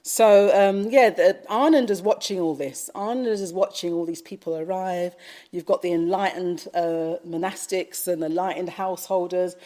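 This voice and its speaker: Mellow low-voiced woman telling a story. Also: normal speed. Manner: gentle storyteller with frequent fillers. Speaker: Buddhist teacher. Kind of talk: storytelling dharma talk. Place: retreat talk at a Buddhist centre.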